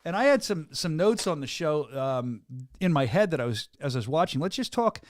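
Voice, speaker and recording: A man hosting a studio podcast in a casual, energetic, rambling way. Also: a little high, a little fast, no room sound. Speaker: podcast host. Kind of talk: casual chat. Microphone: studio mic.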